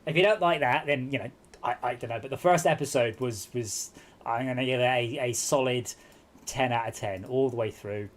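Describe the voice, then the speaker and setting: A man hosting a relaxed game-night chat at home. He tells long, rambling stories, stopping and restarting as he goes, with an easy everyday pitch. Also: normal speed. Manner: rambling anecdotes with many restarts. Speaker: stream host. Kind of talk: casual chat.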